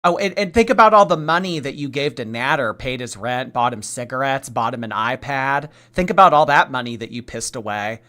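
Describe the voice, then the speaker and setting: Sarcastic guy streamer ranting, bright voice, keeps tripping over his words. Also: medium pitch, expressive, brisk, few pauses. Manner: sarcastic, mocking, rambling with restarts. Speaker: commentary streamer. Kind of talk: live stream commentary.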